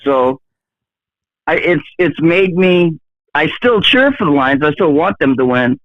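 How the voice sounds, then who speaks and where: A middle-aged man calling in over a tinny phone line, stumbling and restarting his sentences, modest and a bit self-mocking. His voice is fairly high for a man, and the line sounds dry. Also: lively intonation, no room sound. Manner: halting, full of restarts, self-deprecating. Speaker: caller.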